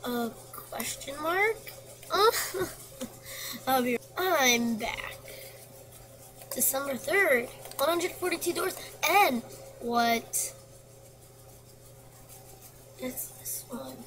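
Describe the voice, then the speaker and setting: This woman's high, fairly bright voice is expressive, and she talks very slowly with long pauses. She plays a quiz game on her computer, reading out questions and answers and mumbling under her breath. It's casual commentary captured in a noisy home setting.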